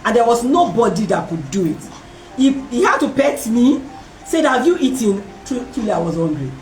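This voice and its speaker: A woman hosting a talk, telling a personal story in a lively way and acting out the voices of other people. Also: a little high, moderate pace. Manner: animated, acts out voices in her story, laughs often. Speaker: host. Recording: roomy and distant from the mic.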